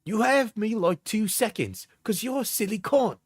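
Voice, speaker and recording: A man putting on a high, whiny voice with a mock Cockney accent to mock an angry young woman. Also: lively intonation, husky, dry recording, studio quality. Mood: scornful. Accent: mock British, Cockney attempt. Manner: mocking falsetto, drawn-out whiny delivery. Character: shrill angry young woman, petty and accusing. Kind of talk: mocking read-aloud of messages.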